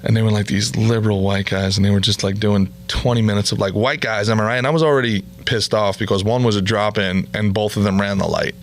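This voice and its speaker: A man's voice: on the low side, steady tone, quick pace, few pauses. A man, a podcast host and comedian, ranting bluntly and profanely in a comedic monologue.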